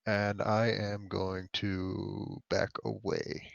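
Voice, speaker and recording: Low gravelly man player, hesitant. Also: flat delivery, very slow, no echo, muffled recording. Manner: hesitant, many ums before deciding. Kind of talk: casual tabletop play.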